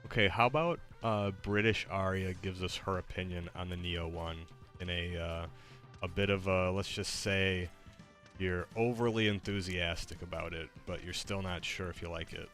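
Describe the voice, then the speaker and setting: A man streaming live, chatting in a relaxed, hesitant way full of fillers. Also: deep voice, normal speed, soft background music. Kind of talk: casual live-stream chat.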